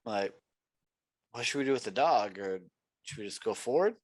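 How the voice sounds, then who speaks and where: A man's voice: lowish voice, lively intonation, normal speed, dry recording. A young man playing in a tabletop game, talking casually and full of "like" and restarts. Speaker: player.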